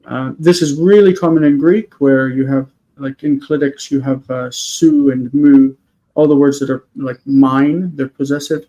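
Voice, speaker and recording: A man teaching a grammar lesson on a video call, explaining patiently and slowing down to spell out words. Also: mid-range voice, steady tone, mellow, poor audio. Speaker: Hebrew teacher. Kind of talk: online class lesson.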